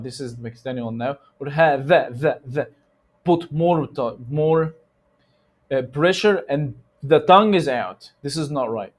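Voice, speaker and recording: This tajweed teacher, a man whose first language is Arabic, speaks English with an Egyptian accent in a loose, chatty instructional style. His fairly high voice slows down to repeat each sound as a demonstration.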